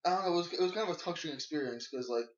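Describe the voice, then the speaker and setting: A young man with a slightly raised pitch chats casually with friends, rambling and hesitant, full of fillers. The recording is muffled and lo-fi. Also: lively intonation, very fast, background noise. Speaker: host. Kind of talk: casual chat.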